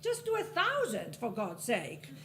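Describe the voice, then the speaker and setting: A middle-aged Greek woman, an author on a panel, delivers a passionate, preachy motivational talk, exhorting the audience and laughing at some of her own lines. Her fairly high voice swings hugely in pitch and moves a little slowly, with background noise audible.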